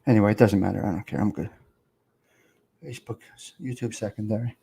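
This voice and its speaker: A man's voice: fairly low pitch, steady tone, fairly quick, vocal fry, mellow, a little hiss or hum. A man hosting a casual live stream, rambling and swearing as he talks to viewers in the comments.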